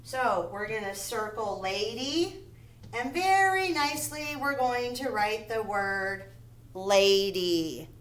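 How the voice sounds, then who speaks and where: A woman teaching young children to read, speaking at a slow, deliberate pace. Her voice sits fairly high, and she repeats each word and sounds out its syllables with care. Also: a bit bright, slight background noise, poor audio. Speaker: first grade teacher. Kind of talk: phonics lesson for young children.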